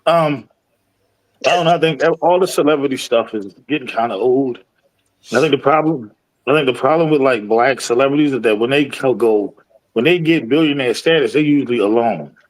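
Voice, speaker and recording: A man's voice: mid-range voice, fairly quick, rough recording. A man on a casual podcast, talking in a laid-back way with lots of slang and check-ins with the listener. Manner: laid-back slang, often asks "you feel me". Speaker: podcast co-host. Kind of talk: casual chat.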